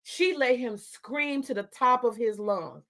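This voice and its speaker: A woman talks straight to her livestream chat. Her voice sits somewhat high, and she argues in a confrontational, profane, unfiltered way. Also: unhurried, a bit bright. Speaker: livestream host.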